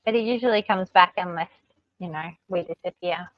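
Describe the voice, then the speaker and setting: A woman's voice: on the low side, fairly quick, no room sound, lo-fi sound. An Australian woman co-hosting a livestream, chatting casually and patiently explaining things with plenty of fillers. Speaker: livestream co-host. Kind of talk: casual chat.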